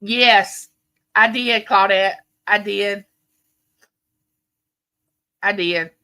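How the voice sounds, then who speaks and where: In a mid-range voice and at an extremely slow pace, a woman in her late 50s hosts a live stream from home. She chats warmly with viewers, her stories rambling along casually.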